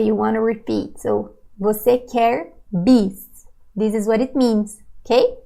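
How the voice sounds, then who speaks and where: A woman's voice: fairly high pitch, creaky, a little mellow. A woman teaching a language lesson, patiently explaining words and often checking in with "okay?".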